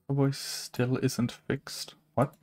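A young man chatting casually with his chat while he plays a game, rambling, saying "like" a lot and laughing often. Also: slow pace. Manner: animated pitch jumps, laughs often. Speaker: streamer. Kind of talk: casual live-stream chat while gaming.

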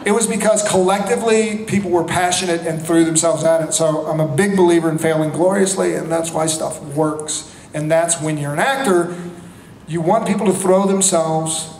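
An energetic, animated man from North Carolina, fielding fan questions on a convention stage with a fairly high voice. He talks into a handheld mic, and the big hall rings around him with a faint hiss underneath. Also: normal speed. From North Carolina, USA. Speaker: convention panel guest. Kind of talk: lively convention Q&A. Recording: echoey hall with faint noise.

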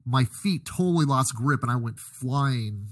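Easygoing man with a husky voice. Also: medium pitch, lively intonation, a little slow, no room sound. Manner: easygoing anecdotal storyteller. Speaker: podcast co-host. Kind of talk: casual chat.

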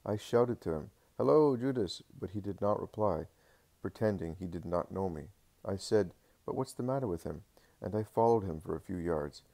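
Brief: a man voicing a talkative grown apostle, gravelly and low, rambling on anxiously. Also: animated, normal speed, warm tone, heavily acted. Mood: worried. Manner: rambling, eager retelling. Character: Thomas, adult male apostle, talkative and worried.

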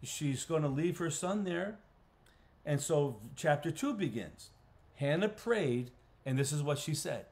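A man, a pastor, teaching a Bible study in a conversational way, clearing his throat often and restarting phrases. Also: a little high, expressive, a little slow, a little mellow. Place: church. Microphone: livestream recording.

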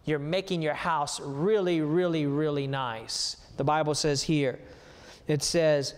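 A high-voiced male pastor preaches with emphasis, climbing into a raised voice when he reads scripture aloud. His words ring out with a long reverb through the church sanctuary of a livestreamed sermon. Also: measured pace.

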